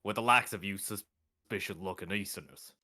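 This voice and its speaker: A man voicing a hostile, drunk prison governor in a shifting mock Irish-southern accent, threatening and gruff. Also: low voice, normal speed, bright, forceful tone, pitched below the performer's own voice. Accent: shifting put-on Irish, southern, Brooklyn.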